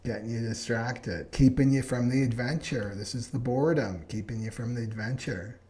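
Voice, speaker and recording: A man of middle pitch leads a live spiritual class, speaking earnestly to his listeners. He keeps checking in with them as he teaches. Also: moderate pace, a little mellow. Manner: earnest, keeps asking "right?". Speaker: astrology teacher. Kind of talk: live online class talk.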